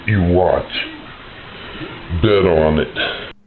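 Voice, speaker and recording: A man brags in a gruff, profane drawl, his voice very deep. He sounds tinny and phone-like, in an echoey space. Faint music plays behind him. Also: drawn-out words. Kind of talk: casual monologue.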